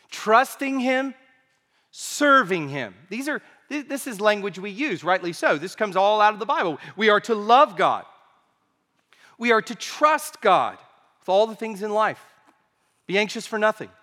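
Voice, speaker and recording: A man preaching a sermon as pastor, swinging from quiet asides to emphatic rising phrases, with an occasional cough. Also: sits high. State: coughing now and then. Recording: long hall reverb.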